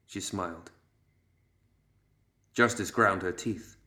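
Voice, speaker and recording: Male narrator, low-pitched, calm audiobook storytelling. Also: reverberant. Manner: measured storytelling.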